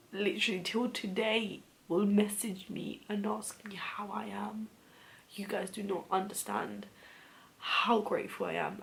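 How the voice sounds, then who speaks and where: A woman in her thirties telling a personal story of grief in a soft, intimate voice that often drops to a whisper. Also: medium pitch, creaky. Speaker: vlogger.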